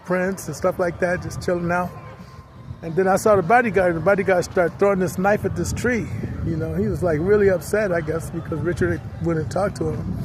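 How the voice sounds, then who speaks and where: A middle-aged man casually telling a story, acting out the other people in it. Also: high-pitched. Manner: lively, acts out other people's voices in quotes. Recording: outdoor street noise with passing vehicles.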